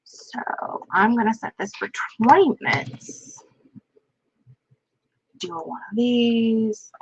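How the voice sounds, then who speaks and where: Woman streamer, slow and gravelly, rambling and self-mocking, dull lo-fi audio. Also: a little high, slight background noise. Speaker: author hosting a live writing stream. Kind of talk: casual live-stream chat.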